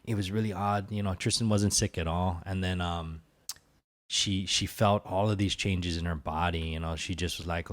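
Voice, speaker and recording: A man in his forties speaks with a very deep, low voice as a podcast host. He tells his story in an earnest, reflective way, keeping the tone of a casual conversation. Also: fairly even intonation, normal speed. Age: 40s.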